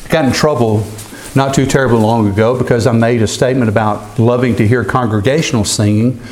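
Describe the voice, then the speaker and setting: A male pastor delivers a sermon at a deliberate pace. He slows down noticeably for scripture readings and gives each phrase weight. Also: mid-range voice, steady tone, a little mellow, slight background noise.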